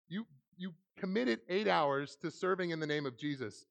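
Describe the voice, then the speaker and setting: A man in his thirties preaching a sermon in a church, animated and laughing often as he acts out quoted lines. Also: fairly high pitch, moderate pace, creaky. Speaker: pastor. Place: church hall.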